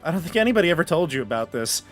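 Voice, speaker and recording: A man running a tabletop game as game master, narrating the scene in a relaxed way and often restarting his sentences. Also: on the high side, very fast, faint music behind.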